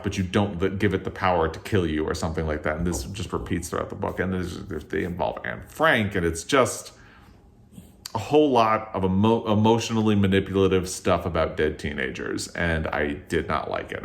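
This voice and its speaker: A man hosting his own channel, giving a casual, exasperated and emphatic rant while reviewing books at home. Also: low voice. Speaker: book reviewer and channel host. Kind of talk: casual opinionated book review. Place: at home on a couch.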